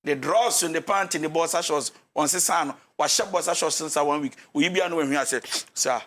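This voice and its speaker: A pastor with a Ghanaian accent counsels on marriage on a talk show, switching between English and Twi and acting out couples' quarrels with animation. His voice is a little high, a little fast and a bit bright.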